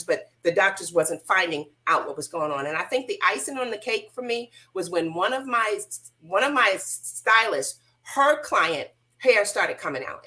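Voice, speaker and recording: A middle-aged woman telling her story as a radio interview guest, animated and colloquial, acting out the voices of people she quotes. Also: medium pitch. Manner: casual, colloquial. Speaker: guest, hair loss practitioner.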